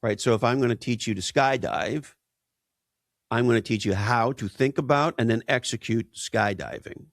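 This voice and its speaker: A man's voice: medium pitch, normal speed, vocal fry, dry recording, clean studio sound. A man speaking as an interview guest, emphatic and punchy, tossing out rhetorical questions. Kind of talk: conversational interview.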